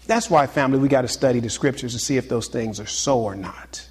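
A pastor preaching a sermon to his congregation, swinging between loud exclamations and hushed, confiding asides. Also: mid-range voice, fairly quick, breathy edge, in a large hall.

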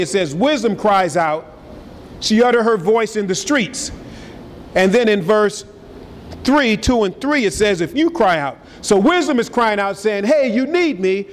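Pastor guy preaching, high voice, big swings loud to soft, echoey church. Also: a little hiss or hum. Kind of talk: sermon. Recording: hall reverb with faint ambience.

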